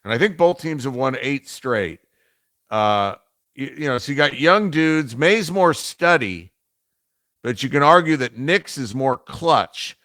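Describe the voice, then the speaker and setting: A man's voice: mid-range voice, animated, a little slow, a bit bright, no echo, studio quality. A man co-hosting a sports talk show, chatting about football in a laid-back way with wry asides. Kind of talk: casual sports debate.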